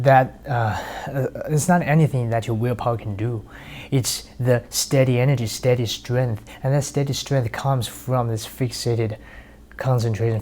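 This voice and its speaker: Male speaker, casual motivational talk; blunt and profane, acts out scenes, warm mellow timbre. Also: mid-range voice, a little hiss or hum.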